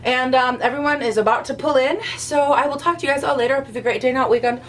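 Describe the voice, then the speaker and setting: A young woman chatting casually to her camera at home as a vlogger, animated and a bit out of breath, with playful rants. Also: high-pitched, fast, a little hiss or hum. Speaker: beauty vlogger.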